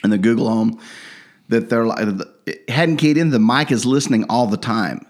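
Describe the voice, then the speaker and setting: A man's voice: mid-range voice, normal speed. A man co-hosting a podcast, chatting casually and acting out quotes as he tells stories. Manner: relaxed storytelling, acts out quotes. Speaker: podcast co-host. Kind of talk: casual chat.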